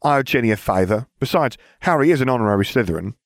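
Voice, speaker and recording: A man's voice: mid-range voice, animated, fast, dry recording, studio quality, pitched above the performer's own voice, lightly acted. A man reading aloud and voicing a haughty, disdainful teenage girl with a smug, purring manner.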